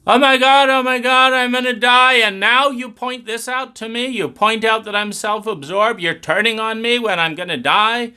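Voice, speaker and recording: A man voicing a frantic, self-pitying parent who wails that they are about to die, in a shrill, repetitive voice. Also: moderate pace, few pauses, pushed and bright, smooth, heavily acted. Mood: panicked whining.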